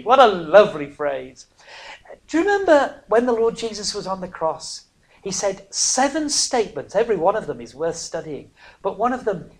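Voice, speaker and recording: A preacher from northern England delivers a sermon that moves from hushed near-whispers to loud, emphatic cries, interrupted by chatty, self-mocking asides. His mid-range voice is sing-song and a little fast.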